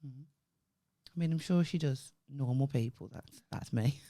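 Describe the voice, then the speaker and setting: A woman's voice: very deep voice, a little slow, dark tone, no room sound, studio quality. A woman co-hosting a casual comedy podcast, swearing and laughing as she tells stories. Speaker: podcast co-host. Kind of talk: casual chat.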